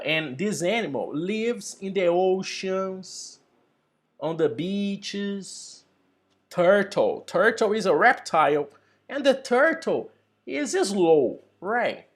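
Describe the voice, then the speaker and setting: A man teaching an English lesson over a video call, slow and deliberate, building up example sentences. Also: high-pitched, lively intonation.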